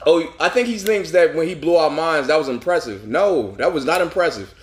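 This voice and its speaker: A man's voice: a little high, expressive, a little fast. A man co-hosting a comedy podcast, ranting in an exasperated, profane, casual way. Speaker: podcast co-host.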